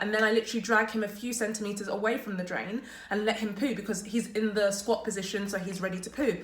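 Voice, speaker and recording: In an echoey room, a woman living in Germany but from abroad vlogs to camera from a messy, makeshift office at work. Her mid-range voice is steady and a bit bright as she tells an exasperated story fast, packed with "like" and "literally".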